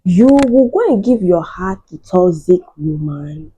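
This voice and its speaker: Animated, mocking woman podcast host. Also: fairly low pitch, measured pace, a little hiss or hum, rough recording. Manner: animated, mocking, laughs often. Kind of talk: storytelling and opinionated commentary.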